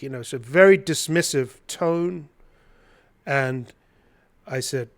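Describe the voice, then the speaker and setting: A middle-aged man telling a story as a podcast guest, animated and acting out the dialogue. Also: mid-range voice, measured pace. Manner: animated, acts out dialogue in his retelling. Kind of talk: storytelling interview.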